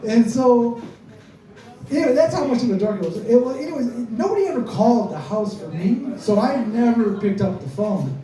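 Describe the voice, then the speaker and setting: A man's voice: very high-pitched, animated, moderate pace, dark tone. A man telling a comic story to a live crowd, chatty and self-mocking, often laughing through his lines. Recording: echoey room, mic far off.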